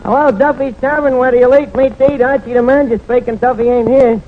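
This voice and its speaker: A brash wisecracking tavern manager. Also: male voice, very high voice, steady tone, fast, faint music behind. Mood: fumbling, boastful. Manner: mangled words, rambling with many uh fillers. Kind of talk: 1940s radio sitcom acting. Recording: dull noisy 1940s radio transcription.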